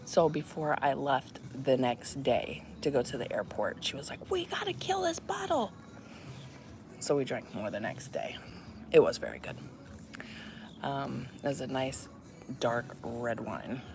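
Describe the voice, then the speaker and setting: A vlogger in her fifties with an extremely low-pitched voice talks unhurriedly to her viewers, spinning a rambling, chatty tale packed with fillers. Music plays in the background, along with loud chirping crickets and insects.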